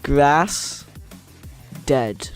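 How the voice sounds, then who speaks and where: A young man with an American accent chats with his live viewers in a loose, playful ramble. His voice sits a little high, and he takes his time between words. Soft music plays faintly under him. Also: expressive, drawn-out words. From United States. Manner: rambling and playful, reads chat aloud. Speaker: streamer. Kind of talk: casual chat with live viewers.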